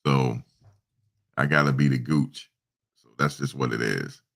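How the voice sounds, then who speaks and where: Brief: man, very low and gravelly voice, easygoing livestream host telling stories. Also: steady tone, a little slow, fairly bright tone. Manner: loose, storytelling, imitates his mother and himself in quotes. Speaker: show host. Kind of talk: casual livestream talk.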